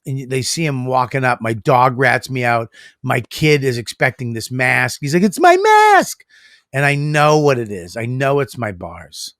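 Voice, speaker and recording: A man co-hosts a podcast, spinning boisterous stories laced with swearing. His voice sits at a middle pitch. The sound is dry and close, with no room echo. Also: a bit bright. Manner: profane, boisterous storyteller. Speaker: podcast co-host. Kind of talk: casual chat.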